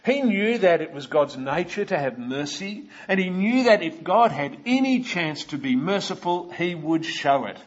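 Preaching with an Australian accent, this man works through an expository sermon in a measured, explanatory manner, full of "uh"s and asides to the congregation. He sounds high-pitched and very animated, on a lo-fi recording.

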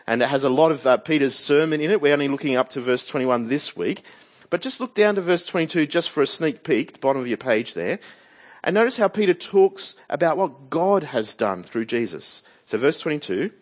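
An Australian man preaches a verse-by-verse sermon to a church congregation. His voice sits a little high for a man, and he keeps drawing his listeners in with questions. The recording is dull and lo-fi. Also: sing-song, normal speed. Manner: expository, asks the congregation questions.

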